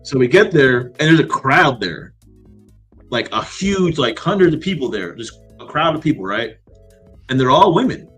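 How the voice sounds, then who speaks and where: A man in casual chat, telling stories in an animated way, laughing and swearing freely. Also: mid-range voice, normal speed, husky, faint music behind.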